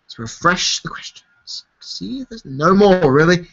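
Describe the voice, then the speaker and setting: A worn-out man runs a casual live-stream Q&A, his voice a bit high and sharply bright. He swears easily and laughs a lot. The stream audio sounds dull and lo-fi. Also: animated, a little slow, gravelly. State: tired. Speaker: YouTube host answering viewer questions.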